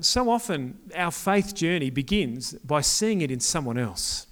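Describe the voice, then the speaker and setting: A young man giving a casual, joking sermon to a youth group, often asking the crowd questions. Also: sits high.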